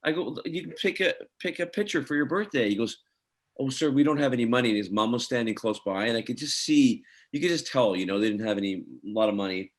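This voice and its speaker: A man, an actor guest, telling a lively anecdote on a video call and acting out the people in it. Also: on the low side, fast, hardly any pauses. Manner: animated storyteller, acts out voices in his anecdote.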